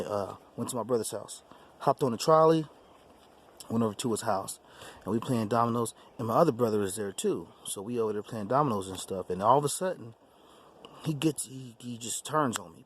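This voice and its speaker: A YouTube channel host with a lowish voice tells his own testimony story in a forceful, repetitive manner, frequently beginning phrases again. Some light background noise can be heard.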